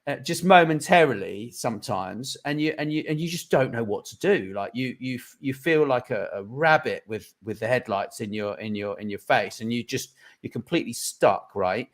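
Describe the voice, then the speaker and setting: A man's voice: mid-range voice, moderate pace, few pauses. A man in casual conversation, talking earnestly with many restarts and a habit of asking "right?". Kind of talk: casual chat.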